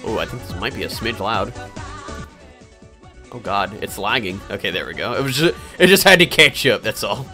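A young male game streamer chats casually on a live stream, answering viewer questions in a rambling, hesitant way packed with fillers and restarts. His voice sits fairly low and sounds animated, bright and forceful at a normal speed. Faint game music plays behind him.

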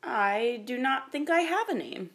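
A woman voicing a gentle, puzzled dragon in a storybook, speaking slowly and wonderingly. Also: fairly high pitch, very animated, gravelly, voice pushed up, full character voice. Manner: slow and wondering.

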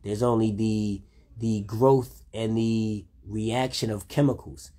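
A man's voice: fairly low pitch, fairly even intonation, slow pace, warm tone. Rambling man in his late thirties. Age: 30s. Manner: laid-back, rambling, frequent "you know what I'm saying". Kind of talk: rambling casual monologue.

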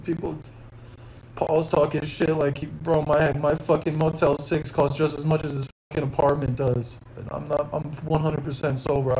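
A young man near tears rants on a live stream, cursing at every turn and ending his lines with bro or man. His voice sits a little high and stays flat, with little rise and fall. A faint noise hums behind him. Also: low-quality recording. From New York. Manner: profane, repeats bro and man, rambling. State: upset, close to tears. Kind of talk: unscripted live stream rant. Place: hotel room.

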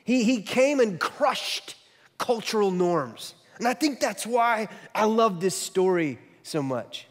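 A man preaching a sermon as pastor, telling a story in an animated way with quick swings from loud to soft. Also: high-pitched, big-room sound.

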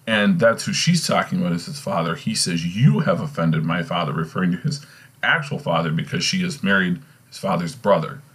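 A man's voice: deep voice, steady tone, a little fast, fairly bright tone, breathy edge. A male teacher casually reading and explaining a play in a recorded lesson, often checking in with "okay?". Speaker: English teacher.

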